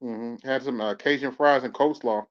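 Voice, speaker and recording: A man's voice: mid-range voice, steady tone. A man hosts a casual live talk stream and chats at an easy, drawling pace. He trails off and restarts often, filling the gaps with ums and uhs. The audio sounds dull and muffled. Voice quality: laid-back, drawling, halting with fillers. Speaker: podcast host. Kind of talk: casual chat.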